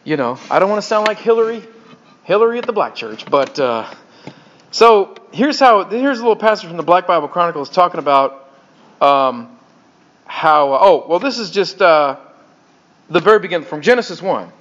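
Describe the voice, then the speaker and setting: A man's voice: high-pitched, expressive, moderate pace, a bit bright. A man preaching in a casual, conversational teaching style, chatty with hesitations. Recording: dull lo-fi recording.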